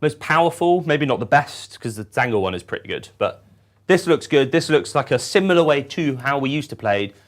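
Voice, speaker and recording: Easygoing male player, middle pitch, dry humor. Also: a little fast. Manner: relaxed, dry quips. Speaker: tabletop game player. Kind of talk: casual chat explaining game rules.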